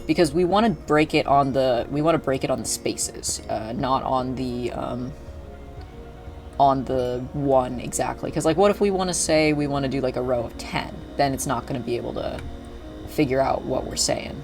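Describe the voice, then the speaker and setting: A man's voice: mid-range voice, normal speed, music in the background. A young man streaming a video game, chatting casually in a rambling way with lots of fillers and restarts. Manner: rambling, filler-heavy, self-interrupting. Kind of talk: casual gaming livestream chat.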